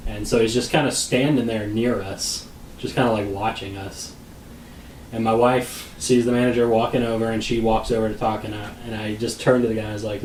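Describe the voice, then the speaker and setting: A man co-hosting a podcast, telling a long casual story in a rambling way, often clearing his throat and laughing at his own tale. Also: fairly low pitch, fairly even intonation, normal speed, a little mellow, reverberant, far from the mic, a little hiss or hum, poor audio. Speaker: podcast co-host.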